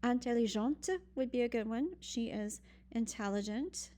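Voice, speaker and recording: In this recorded virtual French lesson, a female teacher guides learners step by step with patience, frequently pausing on "um." She has a mellow, fairly high-pitched voice and speaks at a moderate pace.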